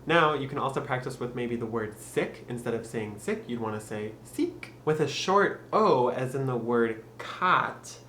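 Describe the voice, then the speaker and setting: A man's voice: medium pitch, expressive, a bit bright. Upbeat young man, echoey room. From Michigan. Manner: upbeat, laughs often, slows for drilled phrases. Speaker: YouTube tutor. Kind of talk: casual tutorial. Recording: echoey room, faint background noise.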